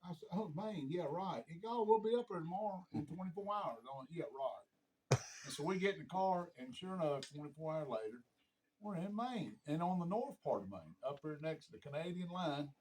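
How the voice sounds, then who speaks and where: A middle-aged man spins a hunting yarn in a slightly high voice. He acts out every quoted voice and breaks into laughter often. The telling is loose and chatty. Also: expressive, fast talker, darkish tone, poor audio. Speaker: hunter telling a story. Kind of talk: casual storytelling.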